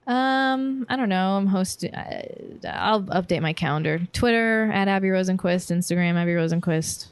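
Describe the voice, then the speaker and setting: A woman, a comedian guest on a podcast, chatting casually and chiming in with quick interjections. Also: mid-range voice, clear, resonant tone, no echo.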